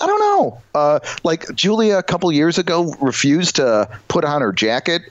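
A man's voice: fairly high pitch, big pitch swings, moderate pace, no room sound, muffled recording. A middle-aged man co-hosting a podcast, chatting casually in a rambling, self-mocking way. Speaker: podcast co-host. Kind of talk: casual chat.

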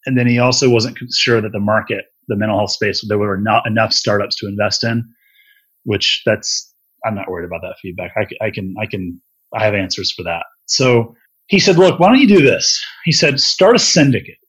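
Candid husky-voiced man telling his story. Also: lowish voice, a little fast, fairly bright tone, poor audio. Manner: candid, loose and conversational, says "dude" and "man". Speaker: guest, venture investor. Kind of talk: casual storytelling interview.

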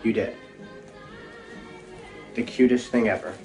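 A man's voice: lowish voice, steady tone, slow, dark tone. An actor playing an awkward lovesick teenage boy on the phone, talking hesitantly in a comedy film clip. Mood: deflated. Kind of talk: 1980s film comedy acting. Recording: roomy film audio with faint score. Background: faint music.

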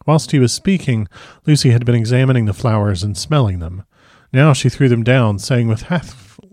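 A man narrating a classic novel in the first person with measured, formal diction. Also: medium pitch, darkish tone, no echo, studio quality. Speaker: audiobook narrator.

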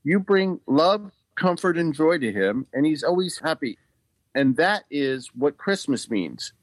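A man reading as a kind old Santa in a storybook tale, soft and reassuring, taking his words slowly and deliberately, his voice sitting a touch high, close and dry. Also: sing-song, no room sound. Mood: tender. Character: kindly old Santa, warm and fatherly.

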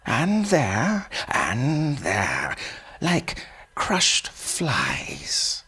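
Storybook role: a frail old man with a quavering, husky voice, read by a man. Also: mid-range voice, wildly swooping pitch, extremely slow, sharp tone, voice pushed up, exaggerated voice. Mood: grim warning. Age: older. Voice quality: feeble, quavering. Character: stooped feeble old man, grim, warning.

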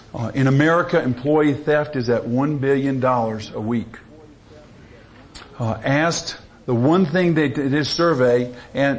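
Folksy Louisiana-accented man speaking. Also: medium pitch. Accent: Southern US, Louisiana. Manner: folksy storyteller, drawling asides. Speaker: conference speaker. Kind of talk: folksy talk with a joke opener.

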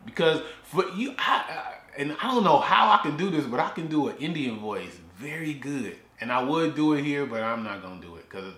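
A man's voice: on the high side, expressive, moderate pace, hardly any pauses, a bit bright. A man hosting his own podcast, rambling casually and often repeating words and restarting sentences. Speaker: podcast host. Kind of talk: casual solo podcast talk. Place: his garage. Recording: echoey garage.

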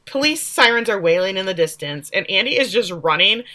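A woman co-hosting a podcast, retelling a story in a chatty, animated way with asides. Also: medium pitch, a little fast. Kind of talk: casual chat recapping a story.

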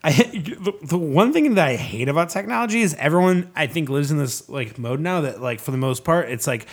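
A man in casual podcast chat who swears freely and tells animated stories, acting out what other people said. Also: on the high side, fairly quick, breathy edge. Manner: profane, animated storytelling with acted-out quotes. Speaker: podcast guest, nonprofit founder.

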